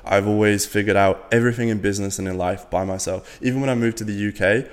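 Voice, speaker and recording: A man's voice: lowish voice, steady tone, fast talker, long reverb tail. A man in his twenties from Latvia, a podcast guest talking bluntly and casually, with lots of fillers and swearing. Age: 20s. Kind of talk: casual interview talk.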